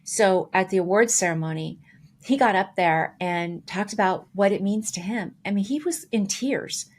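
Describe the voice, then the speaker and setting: A woman co-hosting a podcast, casually telling a story with lively, acted-out quotes. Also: medium pitch, moderate pace. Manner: animated, acts out quoted dialogue with voices. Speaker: podcast co-host.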